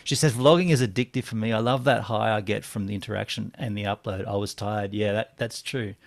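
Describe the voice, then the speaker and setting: A man's voice: on the low side, fairly even intonation, a little fast, vocal fry. A man in his forties chats casually on a live stream. He reads viewers' comments aloud and wanders between topics, his speech full of little fillers and restarts. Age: 40s. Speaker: podcast co-host.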